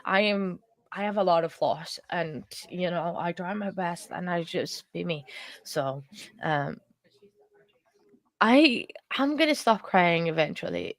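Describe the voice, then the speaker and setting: A woman streamer talks to her viewers in a fairly low voice with a gravelly edge. She is earnest and emotional, and she halts often with fillers and restarts. It sounds like casual live chat. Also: animated, no echo. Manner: halting, lots of fillers and restarts.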